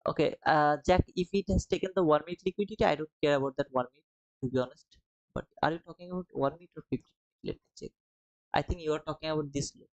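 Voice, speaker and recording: A man with a slightly high, quick voice runs a live trading stream, reading chat messages aloud and answering them casually. He calls his viewers "brother" and "man." The recording sounds dull and dry, without any room echo.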